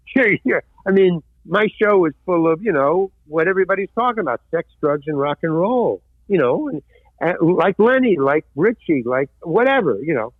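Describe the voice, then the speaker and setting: An older man, a former stand-up comic, telling lively anecdotes in an interview and acting out the voices of people he quotes. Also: high voice, normal speed, dry recording. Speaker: guest, actor and former stand-up comedian. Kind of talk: storytelling interview. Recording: dry, tinny phone-like line.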